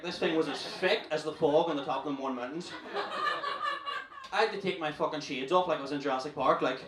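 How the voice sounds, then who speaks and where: A young man with a Northern Irish accent doing a brash, profane stand-up set in a comedy club. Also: mid-range voice. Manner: brash, profane, rapid storytelling. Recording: roomy club, distant mic, noisy.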